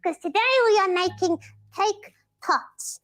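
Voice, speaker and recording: A woman's voice: measured pace, a bit bright. A woman ventriloquist voicing a cheeky, bossy pink puppet girl, who keeps butting in. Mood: chirpy. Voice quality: squeaky high puppet voice. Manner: bossy, interrupting, demands attention.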